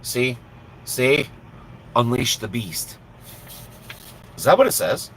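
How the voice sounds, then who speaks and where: A man from Minnesota talks from inside his truck, with faint road ambience around him. His voice has a bright, sharp edge shows through. He chats in a blunt, profane, self-deprecating way. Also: mid-range voice, big pitch swings, slow, gravelly, slight background noise, low-quality recording. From Minnesota, USA. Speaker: trucker live-streamer. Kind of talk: casual live-stream chat.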